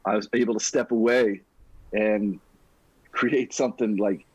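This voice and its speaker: A middle-aged man, a podcast guest, telling his life story in an energetic, casual, buddy-like way. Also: fairly low pitch, unhurried, breathy edge, no room sound, lo-fi sound. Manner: energetic, talks like a buddy, says "dude".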